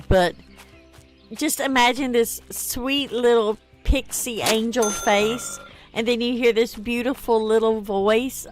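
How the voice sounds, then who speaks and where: A tired woman streaming a game, chatting casually and reading viewer comments aloud. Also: on the high side. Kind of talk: casual gameplay stream chat.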